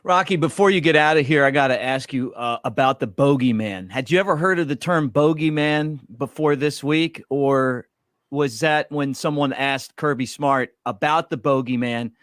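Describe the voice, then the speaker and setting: A man's voice: fairly high pitch, moderate pace, fairly bright tone, no room sound, studio quality. A man hosting a casual interview, asking friendly questions and laughing along with his guest. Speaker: interviewer, show host.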